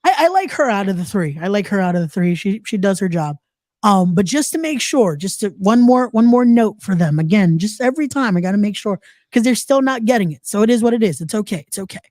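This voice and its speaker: A man's voice: high-pitched, animated, a little fast, darkish tone, no echo. A man hosting a wrestling podcast in casual chat, often repeating himself and trash talking rivals playfully. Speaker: podcast host.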